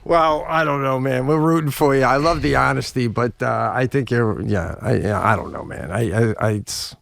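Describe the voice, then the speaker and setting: A man's voice: medium pitch, creaky, fairly bright tone, dry recording. A man co-hosting a casual comedic chat, laughing often and reassuring his friend. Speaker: co-host.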